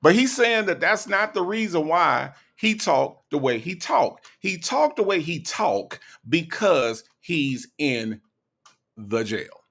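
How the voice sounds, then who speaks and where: Man, gravelly voice, sarcastic reaction commentary, slow mocking delivery. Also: on the high side, very animated, fairly bright tone. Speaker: commentary host.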